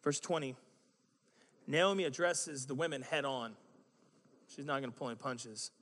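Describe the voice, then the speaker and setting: A man preaching a sermon in a conversational, animated way, with joking asides. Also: mid-range voice, moderate pace, big-room sound.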